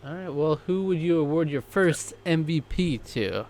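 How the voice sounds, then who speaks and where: A man's voice: fairly high pitch, animated, normal speed, darkish tone. A man co-hosting a TV reaction show, chatting casually and easygoing, then wrapping up the episode with sign-off lines. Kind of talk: casual chat, reaction commentary.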